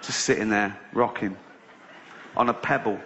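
A man's voice: lowish voice, steady tone, normal speed, noisy background. A man doing stand-up, telling a rambling, sweary story with sarcastic asides. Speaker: stand-up comedian. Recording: slightly dull live recording.

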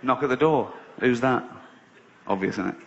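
Sweary stand-up comedian, rambling. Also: male voice, mid-range voice, moderate pace, gravelly, background noise. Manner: rambling, sweary, sarcastic storytelling with mock-earnest asides. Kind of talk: stand-up storytelling. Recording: slightly dull live recording.

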